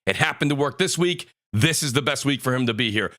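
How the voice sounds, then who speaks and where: A man hosting a live gaming podcast panel, introducing guests with energetic hype. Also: mid-range voice, quick pace. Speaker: podcast host. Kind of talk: casual panel show hosting.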